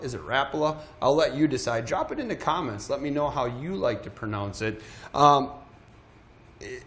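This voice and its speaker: A man's voice: mid-range voice, a bit bright. A man hosting a live shopping show, talking in a chatty, self-deprecating way and often stumbling over his words. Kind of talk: live sales pitch.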